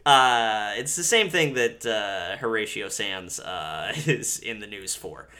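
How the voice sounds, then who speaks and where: A podcast co-host in casual chat, animated and laughing, swearing freely while recapping a comedy. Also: medium pitch, slow pace.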